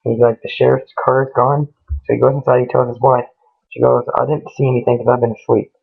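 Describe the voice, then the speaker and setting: A man's voice: medium pitch, level tone, fast, vocal fry, slightly rough. A man casually telling a ghost story in a rambling way, retelling each exchange with "he goes" and "she goes". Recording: tinny lo-fi phone-like recording.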